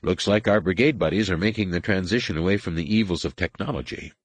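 Sarcastic older captain and father, deep and dry, voiced by a male reader. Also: fast talker, husky, dry recording.

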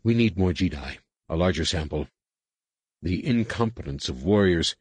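Cold commanding alien mistress, read by a man, brusque and clipped, very deep, husky, dry close sound. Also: expressive, normal speed, a little mellow, no room sound. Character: stern alien female master scientist, cold, commanding.

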